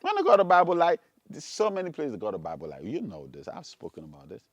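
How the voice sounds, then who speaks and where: A man preaching, reading scripture low and slowly, then rising to loud, emphatic rhetorical questions. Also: wildly swooping pitch, no echo. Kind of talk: preaching sermon.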